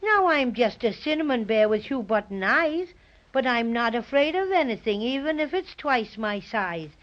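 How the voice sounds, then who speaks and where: A woman voicing a small, boastful stuffed bear in a 1930s radio drama, chirpy and quick to panic. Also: a little high, big pitch swings. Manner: chirpy, brags then panics. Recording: dull lo-fi old radio recording.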